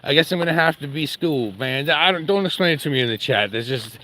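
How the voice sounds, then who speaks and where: This man's voice is fairly high, bright and forceful, and he talks fast and animatedly. He's live-streaming a walk outdoors with his dog, rambling jokily and addressing both his viewers and the dog.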